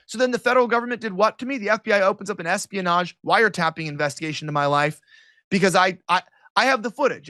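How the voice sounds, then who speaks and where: A man's voice: sits high, bright, forceful tone, no room sound, clean studio sound. A man from the United States, a guest in an interview, giving heated political commentary in a sarcastic, mocking way with many restarts.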